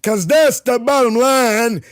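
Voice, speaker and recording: Robotic tts guy reading chat msgs, super high pitched, slow, dry, lil music under. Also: no echo. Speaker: text-to-speech reader of chat messages. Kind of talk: automated message readout.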